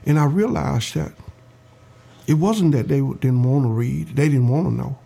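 An older man, his voice gravelly and mellow. He tells his story to an interviewer slowly and earnestly, and he acts out the voices of the people he quotes. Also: mid-range voice. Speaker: interview guest.

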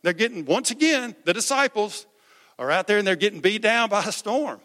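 Bright-voiced pastor preaching. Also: male voice, high voice, fairly quick, in a large hall. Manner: conversational, animated, joking preaching. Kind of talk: sermon. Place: church sanctuary.

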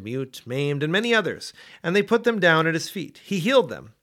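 A man reading scripture aloud in a measured, expressive way. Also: on the high side. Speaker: Bible reader.

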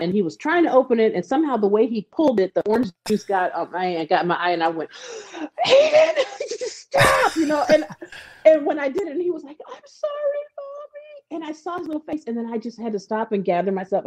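A woman's voice: medium pitch, very fast, few pauses. A woman guest, a mother, talking casually and acting out quotes as she tells stories about her children. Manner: animated storyteller, acts out quotes. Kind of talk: casual conversation.

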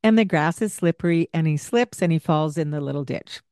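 A woman with a fairly low voice tells a parenting story in a relaxed podcast style. She acts out both sides of the conversation with lively energy. The sound is dry and close, with no room echo. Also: a little fast, smooth. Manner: animated, acts out what she and the child said. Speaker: podcast host and childcare provider. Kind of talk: casual storytelling with parenting advice.

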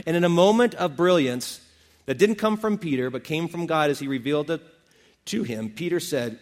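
A man's voice: fairly high pitch, lively intonation, normal speed, big-room sound. A male pastor preaching a sermon, retelling scripture stories in a casual, folksy way.

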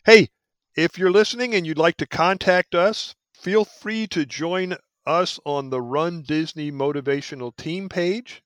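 A man's voice: fairly high pitch, a little slow, a bit bright, no room sound. A man hosting a podcast, wrapping up the show in a chatty, jokey way. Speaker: podcast host. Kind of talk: casual podcast talk.

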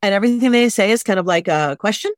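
A woman wedding planner speaks with emphatic, animated conviction, slipping into little acted-out quotes. Her voice sits at a middle pitch. The recording is dry and close, with no room around it. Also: quick pace, no room sound. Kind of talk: casual podcast chat. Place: lives in Los Angeles.

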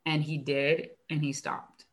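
Young woman teacher, casual chat, animated storytelling, lots of "like", slightly low voice. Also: a little slow. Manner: animated storytelling, acts out student dialogue, frequent "like". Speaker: elementary school teacher.

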